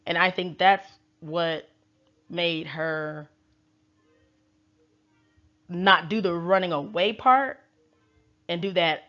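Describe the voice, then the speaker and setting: A woman's voice: lowish voice, slow, pauses often, a bit bright, lo-fi sound, soft background music. A woman tarot reader giving opinionated casual commentary, emphatic and repeating her points for effect. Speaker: tarot reader and reality show recapper.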